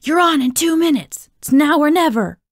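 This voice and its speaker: A woman reading aloud voices an angry, short-tempered male drama teacher who shouts and snaps at the students. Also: medium pitch, animated, moderate pace, dry recording, clean studio sound, natural voice. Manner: shouting, exasperated.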